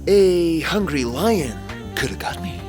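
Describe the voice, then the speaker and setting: A man's voice: fairly high pitch, expressive, takes it slowly, a little mellow, pitched above the performer's own voice. A taunting killer with a Southern drawl, as a male narrator puts him on, his voice swinging up and down with mocking glee. He relishes every grisly detail and teases in a sly, sing-song way. Music plays behind the audiobook reading. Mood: feigned protest. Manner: mocking, gleeful, relishes the gruesome. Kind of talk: audiobook character voice.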